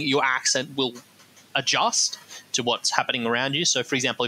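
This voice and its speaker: A man co-hosting a casual podcast, rambling through his points and often repeating "as such". His voice has a bright, forceful edge. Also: mid-range voice, low-quality recording. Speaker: podcast co-host. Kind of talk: casual discussion.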